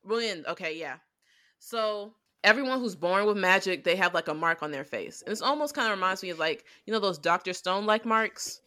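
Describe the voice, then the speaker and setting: A podcast co-host reviews anime in a casual chat, her voice medium-pitched, lively, a little fast and sharp. She rambles animatedly through retold scenes, using lots of fillers.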